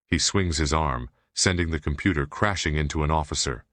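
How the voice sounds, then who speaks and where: Very deep-voiced male audiobook narrator. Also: no echo. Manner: steady, measured reading. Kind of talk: scripted narration.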